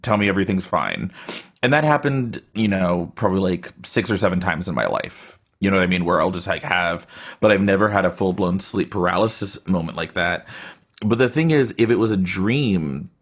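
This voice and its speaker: A man with a deep voice, speaking at a normal speed, tells a story casually over a video call as a guest storyteller. He rambles and leans heavily on filler words, saying "like" again and again.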